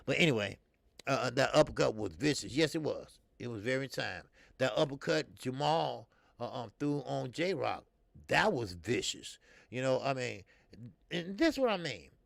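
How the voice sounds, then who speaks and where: His medium-pitched voice is animated and fry-tinged, moving at a moderate pace with no room sound. A middle-aged man running a boxing live stream, he chats casually, calls out viewers by name, and uses lots of fillers.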